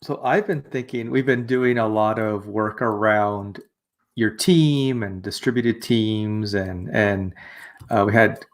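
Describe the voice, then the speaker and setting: A man's voice: on the low side, takes it slowly. Easygoing man co-hosting a podcast. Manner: easygoing, questioning, jokey. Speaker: podcast co-host. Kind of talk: casual chat.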